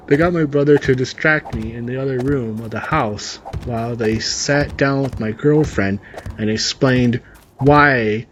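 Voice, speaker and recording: A man's voice: mid-range voice, highs cut off, a little hiss or hum. Sarcastic man reading a story. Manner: sarcastic, rambling asides with fillers. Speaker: story reader and commentator. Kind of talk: reading a story with comic commentary over gameplay.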